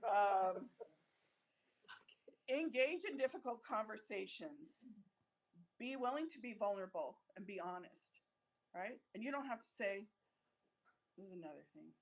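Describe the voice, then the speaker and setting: A woman's voice: medium pitch, lively intonation, a little slow, long pauses, low-quality recording. A woman giving a talk to a live audience, speaking bluntly with jokes and often asking "right?". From United States. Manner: direct, blunt and joking, keeps checking in with "right?". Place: event room with a live audience.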